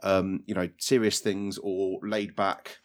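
A man's voice: deep voice, little pitch movement, slow. A man rambling and joking on a casual podcast, stumbling over his words. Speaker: podcast co-host. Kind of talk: casual chat.

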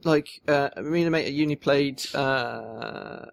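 A man's voice: medium pitch, a little slow, creaky. A young man chats casually on a podcast. He tells long, rambling stories and keeps restarting his sentences as he goes. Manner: rambling storyteller, many restarts and fillers. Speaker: podcast co-host. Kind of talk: casual chat.

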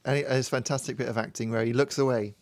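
A man's voice: mid-range voice, fairly even intonation, very fast, dry recording. A man co-hosting a casual podcast, explaining things at length with plenty of ums and ahs. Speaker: podcast co-host. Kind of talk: casual chat.

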